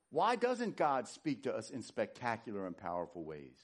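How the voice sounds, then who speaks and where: A male pastor preaching a sermon live in a church on a stage microphone, swinging from loud emphatic declarations down to soft whispers and asking rhetorical questions. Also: mid-range voice, wildly swooping pitch, normal speed, hardly any pauses. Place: church sanctuary before a congregation. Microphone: live handheld or stage microphone.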